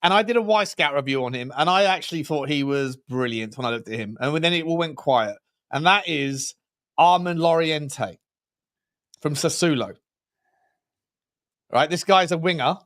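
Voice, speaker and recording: A man co-hosting a football podcast, talking excitedly in casual slangy chat, rambling and cutting himself off mid-sentence. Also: fairly high pitch, moderate pace, long pauses. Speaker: podcast co-host.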